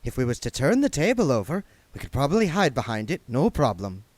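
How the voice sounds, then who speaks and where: A man's voice: medium pitch, big pitch swings, fairly quick, darkish tone, dry recording, voice pushed up. A man voicing a nervous, earthy old female witch who rambles in rustic speech. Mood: rambling.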